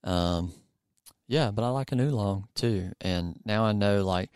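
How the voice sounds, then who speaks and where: Podcast host guy, really low and smooth, laid-back upbeat chat. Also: measured pace, no echo, clean studio sound. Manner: relaxed, upbeat, with fillers and restarts.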